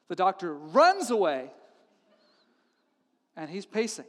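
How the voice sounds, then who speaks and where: A pastor with a high, bright voice swings his pitch widely as he preaches with comic energy. His voice carries a long hall reverb. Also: normal speed. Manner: animated, acts out characters with funny voices. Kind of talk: comedic sermon storytelling.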